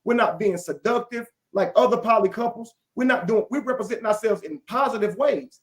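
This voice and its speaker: A man with a high voice speaks as a guest on a live stream. He sounds indignant and defensive, and he swears freely as he pushes his points. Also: fairly quick. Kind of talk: heated live stream talk.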